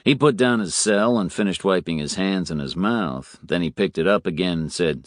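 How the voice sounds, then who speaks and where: A man narrating a novel in a measured, expressive way. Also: sits low, dry recording, studio quality. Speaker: audiobook narrator. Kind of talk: scripted narration.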